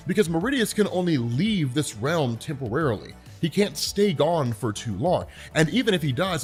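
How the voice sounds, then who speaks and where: A man walking through a comic storyline in a casual, chatty way. His voice sits a little high, and he keeps checking in with "right?" A soft music bed plays underneath. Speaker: comic book explainer. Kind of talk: casual explainer narration.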